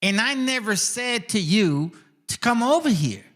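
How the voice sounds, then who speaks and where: A man hosts his channel in a heated, profane rant aimed straight at people. His voice sits fairly high and ranges widely as he talks. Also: very animated, unhurried, fairly bright tone. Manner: confrontational, profane, addresses people directly. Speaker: channel host. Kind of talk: ranting monologue.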